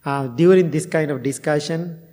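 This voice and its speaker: The male speaker, a Buddhist monk and meditation teacher, has a dark tone on the high side and talks at normal speed. His dharma talk is told through stories in non-native phrasing with frequent chuckles, captured with long hall reverb.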